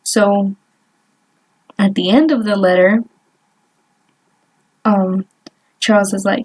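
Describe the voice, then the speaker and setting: A woman's voice: mid-range voice, slow pace, pauses often, a little mellow, husky. A young woman vlogger chatting casually while she doodles, rambling and trailing off with lots of fillers and little laughs. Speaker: artist vlogger.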